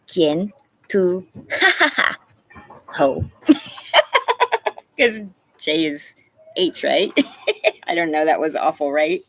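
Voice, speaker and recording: Woman, live-stream host, casual chat, giggly, slightly low voice, lively pitch. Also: slow, long pauses, husky, low-quality recording. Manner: chatty, giggly, reads chat aloud. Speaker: livestream host. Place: home, yard.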